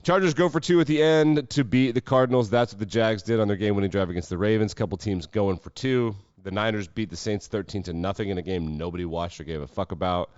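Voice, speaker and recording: A man's voice: fairly low pitch, fast talker, few pauses, darkish tone, smooth, dry recording, muffled recording. A man hosting a sports podcast, talking casually with sarcastic, profane asides. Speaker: podcast host.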